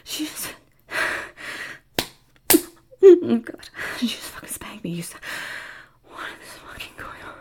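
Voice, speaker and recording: A woman in a whispered role-play, talking in a breathy, stammering, pleading way and sounding out of breath. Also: a little high, very animated, normal speed, mellow. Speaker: audio role-play performer.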